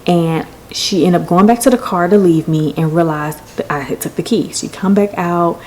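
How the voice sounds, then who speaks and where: A woman's voice: on the low side, moderate pace, few pauses, darkish tone, slight background noise, poor audio. A woman hosting a podcast, telling a personal story in a candid, emotional way with some swearing. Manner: candid, profane, emotional retelling. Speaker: podcast host.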